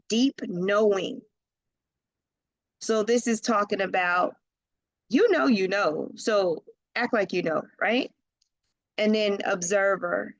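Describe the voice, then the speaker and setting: Woman tarot reader, slow and chatty, slangy asides, dry close sound. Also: mid-range voice, no room sound, poor audio. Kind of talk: casual tarot reading.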